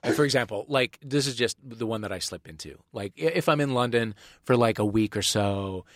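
A man's voice: medium pitch, lively intonation, no echo, clean studio sound. Jokey, swearing male comedy host. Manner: quick, jokey, swears freely. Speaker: game show host. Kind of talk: comedy panel show hosting.

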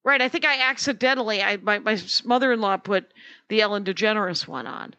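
A woman's voice: mid-range voice, brisk, pushed and bright, dry recording, highs cut off. A woman co-hosting a comedy podcast, chatting casually and rambling with lots of fillers and restarts. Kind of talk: casual chat.

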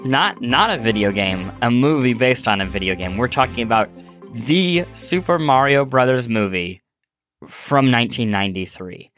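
A man with a sore throat hosting a casual podcast chat, animated and laughing, often restarting his sentences. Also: medium pitch, normal speed, soft background music. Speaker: podcast host.

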